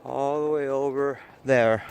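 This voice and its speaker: A man's voice: medium pitch, fairly even intonation, measured pace, creaky, darkish tone, a little hiss or hum. A man chatting casually to his viewers while he hikes outdoors, filming on his phone and rambling from one memory to the next. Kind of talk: casual hiking vlog narration. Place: outdoors on a hillside trail overlooking a city. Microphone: phone camera held while hiking.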